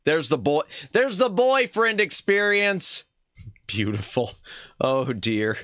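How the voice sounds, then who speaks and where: A man streaming a retro game, talking to chat in a relaxed, unhurried way. His voice is bright and his pitch jumps around a lot as he jokes at his own expense. The sound is dry and close. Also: no room sound. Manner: playful, chatty, laughs at himself, reads game text aloud. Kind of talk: casual live-stream gaming chat.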